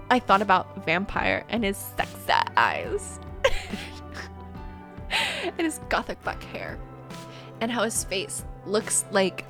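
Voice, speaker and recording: A woman's voice: medium pitch, a bit bright. A woman YouTuber reading a story aloud and breaking off for self-mocking asides.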